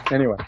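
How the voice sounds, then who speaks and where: A man chatting casually about a video game, animated and rambling, often restarting his sentences. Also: no room sound, low-quality recording. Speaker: podcast guest co-host. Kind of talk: casual gaming chat.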